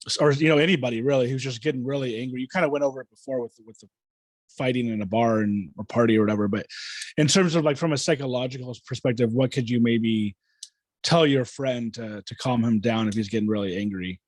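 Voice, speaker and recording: A man's voice: mid-range voice, fast talker, no echo. A man hosting a casual podcast, asking long, hesitant questions full of fillers. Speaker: podcast host.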